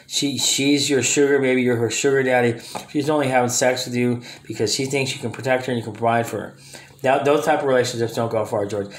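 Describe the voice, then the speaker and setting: A man ranting to camera in a confrontational way, speaking directly to absent people and often restarting his sentences. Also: medium pitch. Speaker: vlogger. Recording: roomy echo.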